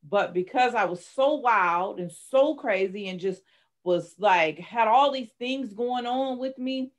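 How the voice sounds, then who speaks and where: A middle-aged woman, a life coach and author, telling her personal story candidly and with strong emotion in an interview. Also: medium pitch. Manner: candid, emotional, dramatic retelling.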